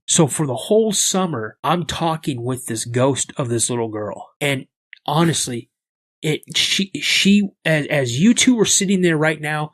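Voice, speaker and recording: Animated man telling a story. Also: a little high, measured pace, dry recording. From United States. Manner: animated, acts out the voices in his story. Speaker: podcast guest. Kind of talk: casual storytelling.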